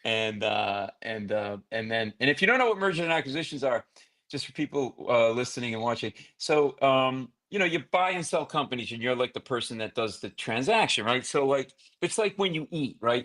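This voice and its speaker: A man from New England, a comedian guest telling quick jokes and stories and laughing at his own lines. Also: medium pitch, a bit bright. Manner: rapid joking storytelling, laughs at own lines. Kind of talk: casual talk show chat.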